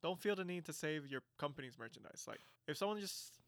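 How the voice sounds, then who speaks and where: A man's voice: fairly high pitch, animated, quick pace, no room sound, studio quality. A young man in casual chat with friends, making wry comebacks and quoting lines.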